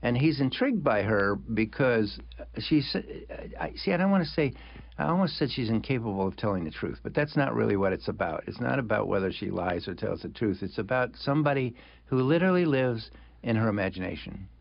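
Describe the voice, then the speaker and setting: Older american guy, author chatting in an interview, gravelly, stops and restarts a lot, dull lo-fi audio. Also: lowish voice, animated. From United States. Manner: reflective, halting with many restarts and chuckles. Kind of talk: conversational interview. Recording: dull lo-fi sound.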